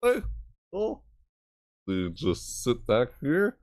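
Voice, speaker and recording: A man who makes gaming videos, chatting casually to camera, reading out viewer messages and answering them in a rambling way, with sudden high yelps. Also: wildly swooping pitch, takes it slowly, no room sound, studio quality. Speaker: gaming YouTuber reacting to trailers and chat.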